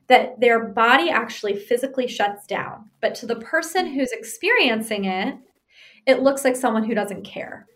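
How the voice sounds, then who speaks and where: Lively woman explaining couples advice. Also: a little high, normal speed. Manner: animated, acts out example arguments; checks in with frequent "right?".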